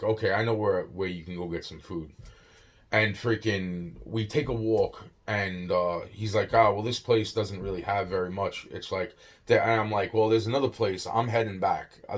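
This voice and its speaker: A young man rambling on in a casual monologue, swearing often, yawning and tired. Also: on the low side. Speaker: vlogger.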